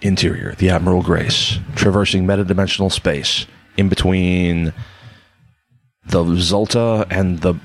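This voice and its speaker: A man's voice: sits low, steady tone, unhurried. A man playing in a tabletop game podcast, narrating a scene in a dry, hesitant way. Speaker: player. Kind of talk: casual podcast banter.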